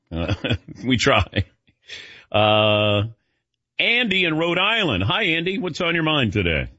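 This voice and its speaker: A man's voice: fairly low pitch, bright, forceful tone, dry recording, lo-fi sound. A man hosting a sports call-in radio show, talking casually with callers in a conversational, chatty way.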